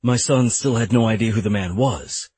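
A man's voice: fairly low pitch, normal speed, a little mellow, breathy edge, dry recording. A man reading a first-person audiobook as narrator, wry and irritated in tone.

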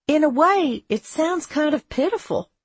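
A woman's voice: sits high, measured pace, dry recording, voice pushed up. Woman voicing a placid, motherly older housewife. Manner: calm, gentle.

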